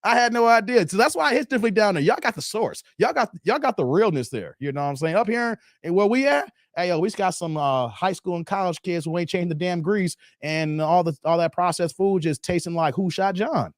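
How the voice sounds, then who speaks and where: A man hosting a casual livestream chat, talking in an animated, slangy, rambling way and laughing often. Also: high voice, fairly quick, hardly any pauses, dry recording, studio quality. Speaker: show host.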